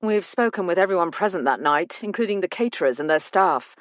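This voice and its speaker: A woman voicing a calm male police detective who explains things in a measured way. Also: fairly low pitch, dry recording, close to an everyday voice. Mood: matter-of-fact.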